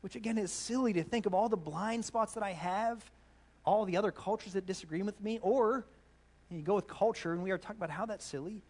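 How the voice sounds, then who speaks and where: A man in his thirties preaching a sermon, animated and storytelling with playful asides. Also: high-pitched, a little fast. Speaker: pastor.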